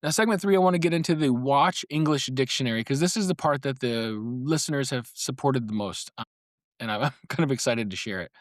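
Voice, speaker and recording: A man's voice: mid-range voice, fairly quick, dry recording, clean studio sound. A man hosting a solo comic podcast, talking in a wry, playful, conspiratorial way and laughing between phrases. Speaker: podcast host.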